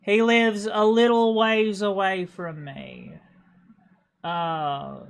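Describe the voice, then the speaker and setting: A woman from Appalachia with an Appalachian accent streams games and chats casually on a livestream, rambling with stammered restarts and repeated words. Her mid-range voice is steady in tone and creaky, with drawn-out words.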